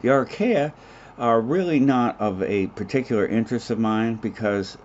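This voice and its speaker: A man's voice: medium pitch, normal speed, darkish tone. A man teaching a recorded biology lecture, talking loosely with filler words and joking asides. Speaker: biology instructor. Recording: dull muffled audio with faint hiss.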